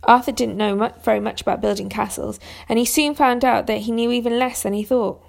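A woman narrating a storybook chapter in a steady reading voice, with small restarts now and then. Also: a little high, brisk, vocal fry.

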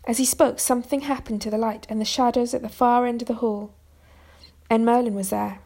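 A woman reads a children's storybook aloud in a steady, even voice. Her voice sits a little high and carries a gravelly fry. Now and then she stumbles and restarts a word. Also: a little fast. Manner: steady reading with small restarts. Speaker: narrator. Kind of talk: storybook reading.

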